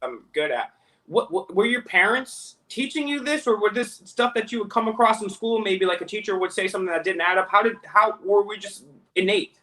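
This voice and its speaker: A man hosting an interview over a video call, keen and restless, and given to cutting in. His voice sits high and rings with a bright, forceful edge. The feel is of casual chat between two people far apart. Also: expressive. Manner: rapid, over-eager, interrupts often. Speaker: interview host.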